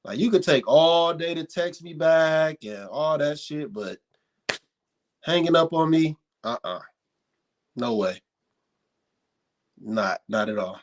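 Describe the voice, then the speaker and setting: A man's voice: a little high, slow pace, long pauses. A man in casual podcast chat, telling stories with lots of swearing and emphatic repetition. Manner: animated, profane storytelling, emphatic repetition.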